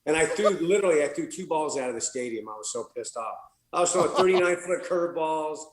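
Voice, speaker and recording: A man's voice: fairly high pitch, animated, quick pace, a crowd in the background. A man guesting on a podcast, telling a casual, profane story, laughing and acting out what others said. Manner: profane, laughing, acts out quoted dialogue. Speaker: podcast guest, former pitcher. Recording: roomy echo.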